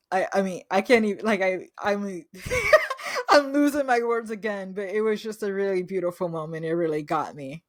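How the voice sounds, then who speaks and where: A woman's voice: fairly low pitch, no room sound. A woman host gushing through a casual recap review, losing her words and acting out quoted lines.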